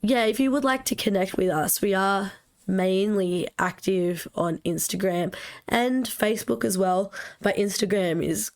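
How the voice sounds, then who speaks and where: Relaxed Australian woman co-host. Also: mid-range voice, a little slow. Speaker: podcast co-host. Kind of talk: casual chat.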